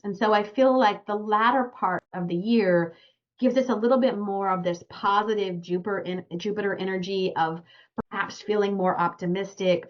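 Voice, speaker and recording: A woman presents a recorded webinar as an astrologer, speaking earnestly and directly to her listeners. Her voice sits in a middle pitch for a woman. The audio is a little dull and muffled. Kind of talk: webinar talk.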